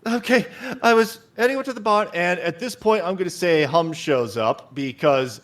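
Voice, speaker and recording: A man's voice: high voice, normal speed, a bit bright. A man narrating as game master of a tabletop game, chatty, with laughing asides.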